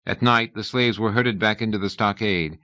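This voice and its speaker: A man narrating an audiobook in a measured, even reading style. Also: fairly low pitch, no echo, highs cut off. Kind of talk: scripted narration.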